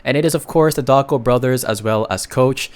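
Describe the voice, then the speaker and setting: A man narrating a comic recap in a casual, chatty way, with sudden loud bursts and slangy asides. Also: medium pitch, a little fast.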